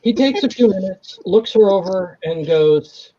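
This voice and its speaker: Man, game master, high voice, mellow and husky, dull lo-fi stream audio. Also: expressive, unhurried. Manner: playful, slips into silly voices and random accents. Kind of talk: narrating a tabletop game.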